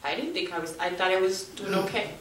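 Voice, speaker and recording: A middle-aged woman giving heartfelt public testimony at a community forum, speaking earnestly and haltingly, at times turning forceful. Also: on the low side. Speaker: bereaved mother speaking at a forum. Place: community meeting room. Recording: echoey room, from far off, faint noise.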